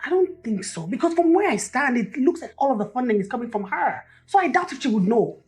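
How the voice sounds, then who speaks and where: An actress playing a friend who is shocked by a fraud in a film drama. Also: female voice, sits high, sing-song, brisk, a little mellow, faint music behind. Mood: indignant. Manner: shocked, indignant gossip. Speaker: film character.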